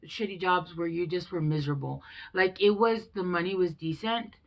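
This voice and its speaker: A woman's voice: fairly low pitch, moderate pace, creaky. A young woman giving a casual tarot reading, rambling and chatty and swearing freely. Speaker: tarot reader.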